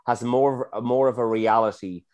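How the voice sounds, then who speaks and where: A man's voice: medium pitch, fairly even intonation, normal speed, darkish tone. A middle-aged man, a chef, talking casually and self-effacingly in an interview, often restarting his sentences. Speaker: chef and guest.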